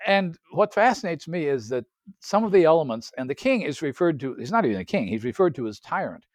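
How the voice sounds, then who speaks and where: A man's voice: on the high side, very animated, fairly quick, dry recording, studio quality. A man co-hosting a podcast, stumbling over names with jokey asides as he sums up the story for listeners. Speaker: podcast co-host. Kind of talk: casual interview talk.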